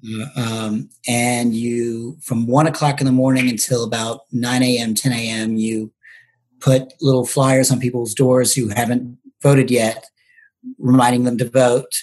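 Husky hesitant man telling stories. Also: mid-range voice, flat delivery, a little slow, darkish tone. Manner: hesitant, many ums and restarts. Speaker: podcast guest, bartender and local political candidate. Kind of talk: casual interview storytelling.

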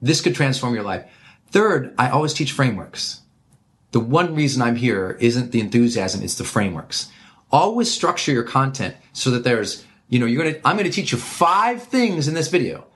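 Emphatic man giving lively advice. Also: medium pitch, normal speed. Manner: emphatic, animated, counts off points. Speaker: interview guest. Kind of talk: energetic conversational advice.

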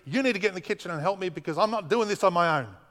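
A man's voice: sits high, lively intonation, fairly bright tone, voice pushed up. A man putting on a frantic, fretful hostess. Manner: hurried, complaining. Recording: long reverb of a hall.

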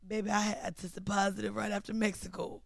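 A woman's voice: medium pitch, level tone, fast talker, creaky, dry recording, studio quality. A woman hosting a podcast in casual chat, brash and profane with a playful edge. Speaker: podcast host.

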